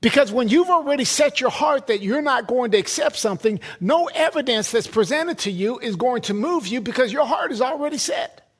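A man's voice: extremely high pitch, lively intonation, brisk, hardly any pauses, fairly bright tone, slightly rough. A man preaching a sermon, emphatic, repeating words and building lists.

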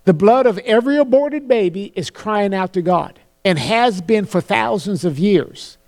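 A man preaching a sermon, earnest, slowing down to quote scripture solemnly and often repeating words as he starts a phrase. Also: sits high, animated, a little mellow.

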